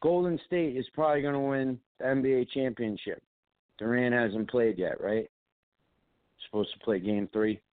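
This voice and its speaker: A man's voice: mid-range voice, moderate pace, dry recording. A man hosting casual sports radio banter, ranting and swearing as he mimics friends. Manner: profane, ranting, mimics others in quotes. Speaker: sports talk host. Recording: tinny phone-like line.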